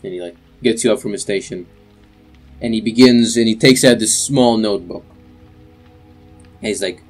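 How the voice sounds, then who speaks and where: A man's voice: lowish voice, normal speed, pauses often, soft background music. A young man narrating as game master for a tabletop game, in a loose, rambling way with many fillers.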